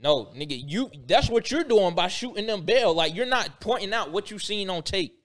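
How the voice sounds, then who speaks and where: A man's voice: sits high, expressive, normal speed. Exasperated man arguing, laughing in disbelief. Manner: emotional, exasperated, laughs often. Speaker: podcast co-host. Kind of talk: heated casual debate.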